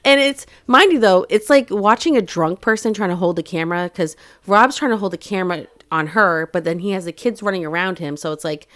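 A woman's voice: mid-range voice, brisk, a bit bright. A middle-aged woman co-hosting a casual podcast chat, telling long stories and laughing often. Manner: chatty storyteller, laughs often. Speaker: podcast co-host.

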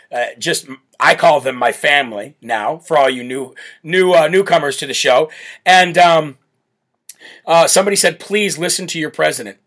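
Brash loud guy hosting a live politics show, high voice, laughs a lot. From United States. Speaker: show host.

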